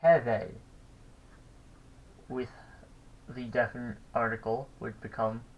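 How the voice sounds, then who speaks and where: A man giving a casual recorded language lesson, thinking aloud with pauses and restarts. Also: medium pitch, steady tone, lo-fi sound. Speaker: language teacher.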